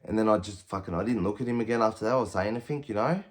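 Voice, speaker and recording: A rapid-fire talker with a fairly low voice, this Australian man in his thirties tells a blunt prison story. He swears constantly and acts out the dialogue, quoting himself and others loudly, in a casual way.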